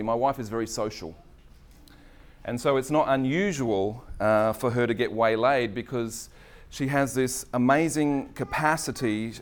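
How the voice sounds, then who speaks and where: A middle-aged man tells a personal story from the pulpit. His voice sits at a middle pitch, and his talk is loose, self-deprecating and full of ums and restarts. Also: clear, resonant tone. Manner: chatty, self-deprecating, many fillers. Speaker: preacher. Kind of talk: storytelling sermon.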